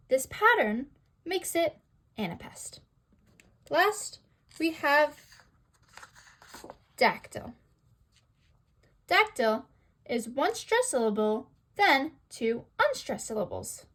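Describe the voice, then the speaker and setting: A woman's voice: sits high, sing-song, a bit bright. A young woman presenting a school lesson, reading carefully with rhetorical questions. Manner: slow, sing-song reading with rhetorical questions. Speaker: student presenter.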